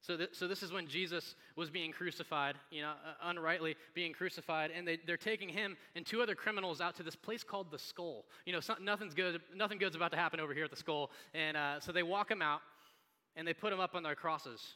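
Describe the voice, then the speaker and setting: Bright-voiced, conversational preacher. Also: male voice, a little high, quick pace. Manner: conversational, animated storytelling. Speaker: pastor. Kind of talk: sermon. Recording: long hall reverb.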